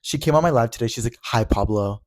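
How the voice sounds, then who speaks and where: A young man co-hosting a podcast, talking quickly in casual chat with lots of fillers and playful mock drama. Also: mid-range voice. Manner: fast, chatty, filler-heavy, mock-dramatic. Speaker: podcast co-host. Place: Los Angeles.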